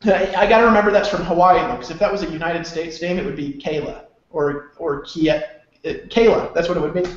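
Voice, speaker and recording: A man with a high voice pitches a course in a loose, rambling way, restarting sentences and laughing a lot. His voice rings around a very echoey room, and the sound is dull and lo-fi. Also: steady tone, fast talker. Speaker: host of an online sales webinar.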